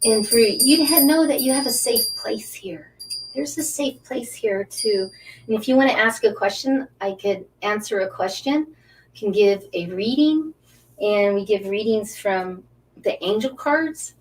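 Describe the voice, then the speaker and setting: Gushing middle-aged woman, slightly distant mic. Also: fairly high pitch. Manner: soft, breathy at times, drops to whispers during breathing guidance; gushing, repeats words, halting restarts. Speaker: angel card reader hosting a live stream. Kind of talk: live-stream talk with guided breathing. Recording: slightly distant mic with faint background hiss.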